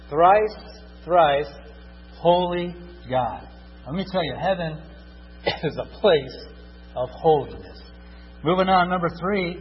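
Male preacher, slightly high voice, building to loud repeated cries then dropping to hushed pleading; dull, echoing church recording. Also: slight background noise. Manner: swings from loud fervent repetition to hushed tender pleading. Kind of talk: sermon.

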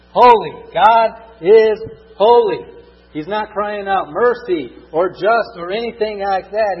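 Male preacher, slightly high voice, building to loud repeated cries then dropping to hushed pleading; dull, echoing church recording. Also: husky. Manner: swings from loud fervent repetition to hushed tender pleading. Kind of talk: sermon.

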